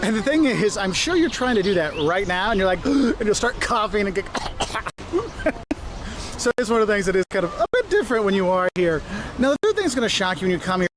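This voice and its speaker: A man, a travel vlogger, presenting outdoors on a city street in a lively, jokey way. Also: high-pitched, fast talker, a crowd in the background. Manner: animated, jokey, mimics voices. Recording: street noise and passing traffic. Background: traffic and city ambience.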